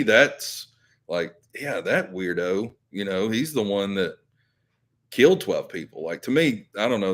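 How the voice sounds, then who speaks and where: Man, very deep voice, rambling live-stream host who talks to his viewers. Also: fairly bright tone. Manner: rambling, filler-heavy, self-correcting. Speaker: YouTube channel host.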